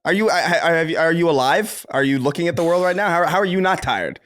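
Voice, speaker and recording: Male podcast co-host, lively swinging pitch, sardonic and profane, dry close mic. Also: fast talker, no echo. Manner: animated, sardonic, swears freely. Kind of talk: casual chat.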